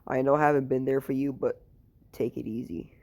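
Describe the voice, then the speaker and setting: A man's voice: mid-range voice, steady tone, fairly quick, darkish tone, close to an everyday voice. A man doing a laid-back dragon dad. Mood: offhand. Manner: casual, offhand delivery in crude slang. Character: laid-back male dragon father, dry and teasing.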